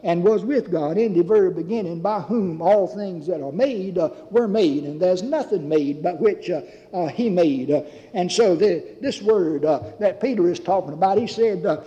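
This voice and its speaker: Halting male preacher, dull echoey recording. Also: sits high, dark tone. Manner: halting delivery with constant "uh" fillers, addresses listeners as beloved. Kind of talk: sermon. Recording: dull lo-fi recording with long reverb.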